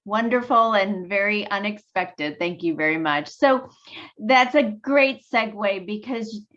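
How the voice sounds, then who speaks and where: A woman director moderating a team call, speaking warmly and graciously. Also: mid-range voice, lively intonation, a little slow, highs cut off. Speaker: sales director.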